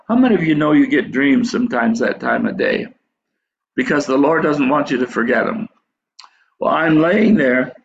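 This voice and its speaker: A man's voice: medium pitch, creaky, a bit bright, a little hiss or hum. An older man telling a dream story in a sermon, rambling and restarting his phrases. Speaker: preacher telling a dream testimony. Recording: dull echoey hall recording.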